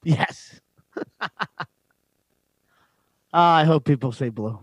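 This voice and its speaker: A man co-hosting a trivia podcast in casual chat, teasing and thinking out loud. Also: fairly high pitch, extremely slow, dry recording. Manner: playful, thinks aloud, teasing.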